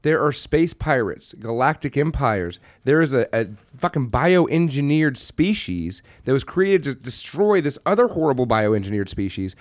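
A man's voice: medium pitch, normal speed, few pauses, no echo. Podcast dude, swoops all over when he talks, swears a lot, dry close mic. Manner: animated, profane, excitable. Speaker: podcast co-host. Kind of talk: casual chat.

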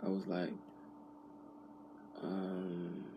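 A man's voice: sits low, completely flat delivery, drawn-out words, dull audio, slight background noise. A man chatting casually on a podcast, rambling and profane, full of slang and restarts. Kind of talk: casual chat.

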